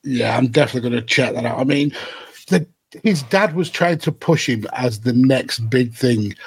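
A man co-hosting a wrestling podcast, chatting casually with quick asides. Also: medium pitch, animated, creaky, slightly rough, no room sound. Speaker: podcast co-host. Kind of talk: casual chat.

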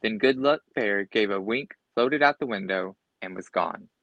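A man's voice: on the low side, moderate pace, fairly bright tone, no echo, muffled recording. A man reading a children's storybook aloud expressively, with occasional slips and restarts. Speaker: storybook reader.

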